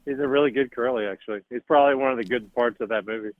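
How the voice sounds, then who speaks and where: A man co-hosting a podcast in casual chat, teasing and needling his partner in a deadpan way. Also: medium pitch, racing, phone-quality sound. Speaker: podcast co-host.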